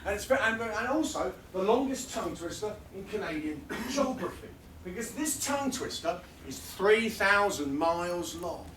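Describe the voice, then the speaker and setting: Man, performance poet, comic rhythmic delivery, high voice, echoey room, distant mic. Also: sing-song, a bit bright, a little hiss or hum. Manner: rhythmic, comic, building to rapid lists. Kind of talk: live spoken-word performance. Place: fringe festival venue, live audience. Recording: roomy sound from a distant mic.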